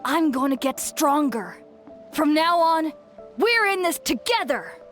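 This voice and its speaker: A woman's voice: high voice, animated, a little slow, fairly bright tone. A woman voicing a young, loyal game companion who talks in an eager, determined way. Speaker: game character. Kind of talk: voiced game dialogue. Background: faint game music.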